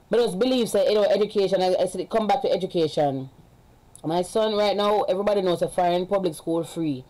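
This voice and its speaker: Jamaican mom streaming live from home, warm low-key tone, talks in chatty run-ons and gives the kids orders mid-sentence. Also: female voice, rough recording. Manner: rambling and chatty, breaking off to give orders to her children. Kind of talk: casual live-stream chat.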